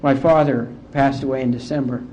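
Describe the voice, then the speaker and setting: A middle-aged man from West Virginia, speaking as an AA speaker and telling his recovery story to a conference in a heartfelt, unhurried way. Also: mid-range voice, steady tone, darkish tone, slight background noise. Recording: dull lo-fi conference tape.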